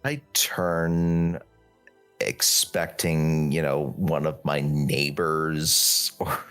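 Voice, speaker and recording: A man's voice: very deep voice, flat delivery, very slow, fairly bright tone, clean tone, faint music behind. A man playing his character in a tabletop role-playing game, speaking hesitantly with many stammers.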